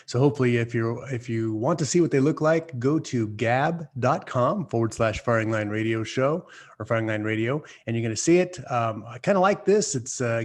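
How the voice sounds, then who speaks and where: A man hosting a talk radio show, folksy, opinionated and joking as he speaks to his listeners. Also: mid-range voice. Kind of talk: talk radio monologue and banter.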